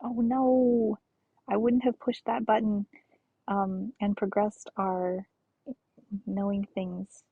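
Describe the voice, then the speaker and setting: A young woman game streamer chatting casually and excitedly, gushing greetings to her viewers with a breathy voice. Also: medium pitch, slow pace, long pauses, dry recording, narrow, tinny audio. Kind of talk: casual live-stream chat.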